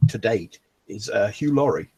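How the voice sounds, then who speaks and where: Jokey man with a lively voice. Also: fairly low pitch, normal speed, creaky, husky. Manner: jokey anecdote-telling, breaks into laughs. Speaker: podcast co-host. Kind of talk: casual chat on a live stream.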